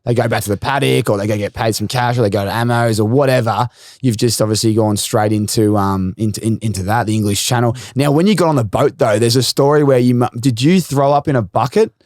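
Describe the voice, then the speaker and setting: A man's voice: medium pitch, fast, a little mellow, no echo, studio quality. A man hosting a podcast, casually retelling his guest's stories and asking questions. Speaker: podcast host. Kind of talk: casual interview chat.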